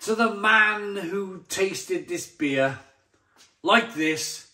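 A man's voice: sits high, very slow, bright, forceful tone. A man reviewing a beer to camera in a blunt, exasperated way, often stumbling and repeating himself. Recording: roomy echoey sound.

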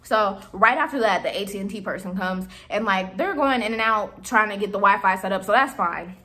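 A young woman in her twenties casually retelling a story to her viewers, animated and exasperated, acting out the dialogue. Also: mid-range voice, a little fast. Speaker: vlogger telling a storytime.

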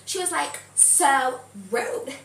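Woman playing a high-voiced valley girl, gossipy, dramatic, echoey room, mic far off, noisy. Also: vocal fry, fairly bright tone, full character voice. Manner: says "like" and "oh my God" constantly, drawn-out gasps. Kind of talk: comedy sketch character.

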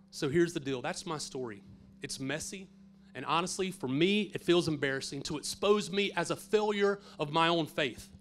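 A middle-aged pastor telling a personal faith story in a sermon, earnest and swinging from hushed to emphatic. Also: male voice, a little high, slight background noise.

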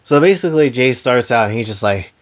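A man's voice: medium pitch, animated, a little fast. A man casually retelling a story in a loose, slangy way.

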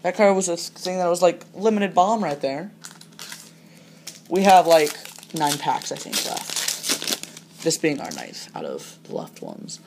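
A young adult vlogger rambling through a card pack opening in a relaxed, casual way. They read each card name aloud and break into sudden excited bursts over a good pull. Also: medium pitch, measured pace, vocal fry, slight background noise.

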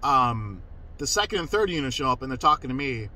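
A man's voice: mid-range voice, sing-song, brisk, pushed and bright, rough recording. A man telling a personal story in a casual, emphatic way, cursing freely and restarting his sentences. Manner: profane, emphatic, self-interrupting.

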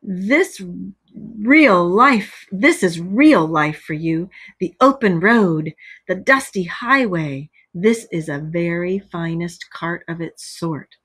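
A woman voicing a boastful, excitable rich male toad in a storybook read-aloud. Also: on the low side, takes it slowly, slightly rough, exaggerated voice. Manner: exclaiming, enthusiastic.

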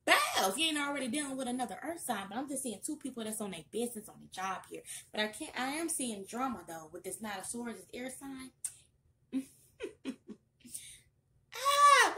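A woman's voice: a little high, slight background noise. Sassy chatty young woman reading tarot. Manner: chatty, sassy, loud bursts of excitement. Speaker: tarot reader. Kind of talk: casual tarot reading vlog.

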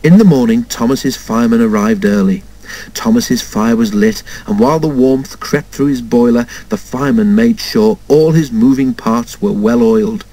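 A man reading a children's storybook aloud in an expressive way, doing all the character voices himself. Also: medium pitch, moderate pace, rough recording. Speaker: storybook narrator.

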